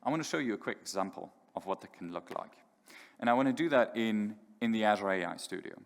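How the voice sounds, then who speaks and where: In a large conference hall with echoey reverb, a man gives a live tech demo as a conference speaker. His voice is fairly low and creaky, with lively intonation, and he talks fast and casually, using fillers and restarts.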